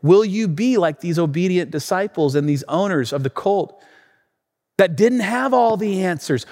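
A man preaching a sermon as pastor, telling a story with animated, emphatic repetition. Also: sits high, moderate pace, long reverb tail.

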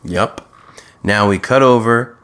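A man with a fairly low voice chats casually as a podcast co-host. He talks in a halting way, restarting sentences and filling gaps with "like.". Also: a bit bright. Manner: hesitant, with frequent restarts and "like". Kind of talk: casual chat recapping a TV show.

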